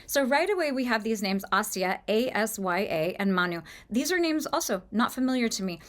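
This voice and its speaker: A woman's voice: fairly high pitch, animated, a little fast. A woman hosting a book podcast, talking through a novel in a thoughtful, musing way with many fillers and restarts. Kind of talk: casual book discussion monologue.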